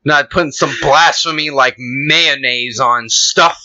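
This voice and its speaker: A man's voice: medium pitch, takes it slowly, bright, forceful tone. A man playing a prim, scandalized white American man who exclaims in outrage. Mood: appalled. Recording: lo-fi podcast recording.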